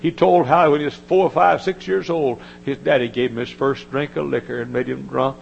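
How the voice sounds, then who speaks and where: An older man preaching a sermon, telling folksy stories and climbing into high, emotional quoted voices. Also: steady tone, moderate pace, creaky, few pauses, dull audio, a little hiss or hum.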